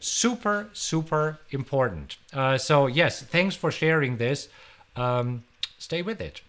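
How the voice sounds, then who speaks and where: A middle-aged man from Germany with a German accent, hosting a live stream and answering viewer questions in an energetic, chatty way that repeats words. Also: mid-range voice, takes it slowly. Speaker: host.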